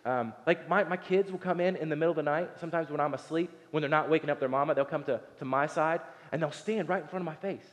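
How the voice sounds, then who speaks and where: A man's voice: fairly high pitch, quick pace, few pauses. A man in his thirties preaching a casual, conversational sermon, acting out voices from the story and talking with his congregation. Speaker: pastor. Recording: long hall reverb.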